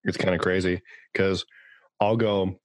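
A man's voice: sits low, level tone, unhurried, no echo. A man hosting a podcast, chatting casually and jokingly, with a lot of fillers. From California. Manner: rambling, joking, many fillers. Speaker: podcast host.

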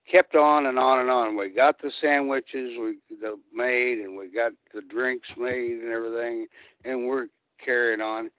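A man's voice: mid-range voice, measured pace, no room sound. An older man, a retired wrestler telling rambling stories and acting out quotes. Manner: rambling, animated storyteller who acts out quotes. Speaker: guest, retired pro wrestler. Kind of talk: casual storytelling. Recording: tinny dry phone line.

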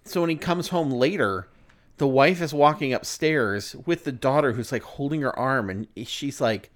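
A man's voice: mid-range voice, expressive, normal speed. Rambling man recapping a movie. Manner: rambling, recounts scenes with filler words. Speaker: podcast co-host. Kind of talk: casual movie review chat.

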